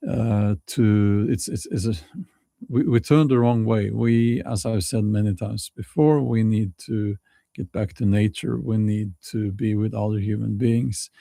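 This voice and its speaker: A man with a Norwegian accent hosting his own video, thinking aloud in halting sentences with many restarts. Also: fairly low pitch, fairly even intonation, creaky, dark tone, no echo, studio quality. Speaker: vlog host. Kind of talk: casual spoken commentary.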